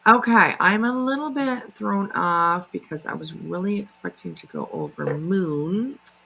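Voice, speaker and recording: A woman's voice: lowish voice, measured pace, creaky, bright, forceful tone, a little hiss or hum, rough recording. A woman hosting a casual livestream, chatty and filler-heavy, greeting viewers by name. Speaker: livestream commentary host.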